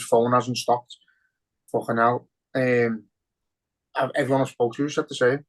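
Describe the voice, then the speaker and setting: Male co-host, Liverpool accent, emotional, sweary, mid pitch. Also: level tone, a little slow, pauses often, rough recording. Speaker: podcast co-host. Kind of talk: casual podcast chat.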